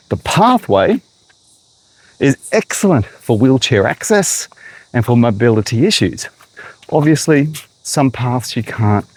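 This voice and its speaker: A man's voice: on the low side, darkish tone, poor audio. An Australian man, a horticulturist, chatting to viewers as he walks around a garden outdoors, a little out of breath. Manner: chatty, talks straight to viewers. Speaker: horticulturist vlogger. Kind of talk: walking garden tour vlog.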